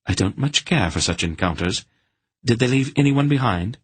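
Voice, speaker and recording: A man voicing a sharp, protective aunt who snaps and scolds. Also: mid-range voice, animated, moderate pace, slightly rough, dry recording, voice pushed up. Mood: acid. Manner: snappish, acid.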